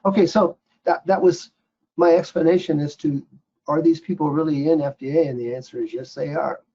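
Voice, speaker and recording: Older man, slightly high voice, rambling anecdotes with lots of restarts, muffled call sound. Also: fairly even intonation, warm tone. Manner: rambling, halting with many restarts. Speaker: featured guest speaker, former investigator. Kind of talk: storytelling on a recorded group call. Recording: dull lo-fi call audio.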